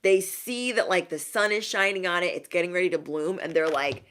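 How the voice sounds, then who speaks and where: A woman's voice: steady tone, a little fast, hardly any pauses, a bit bright. A woman giving a casual tarot reading to her viewers, sassy and emphatic, repeating lines for effect. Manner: mocks others in high put-on voices. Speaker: tarot reader.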